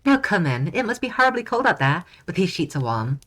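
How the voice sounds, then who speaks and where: Woman doing a sweet princess voice, high and affectionate, kinda coaxing, a bit hoarse. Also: very animated, a little fast, fairly bright tone. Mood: tender. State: slightly hoarse. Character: sweet, doting young princess, playful and tender. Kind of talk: reading a visual novel aloud.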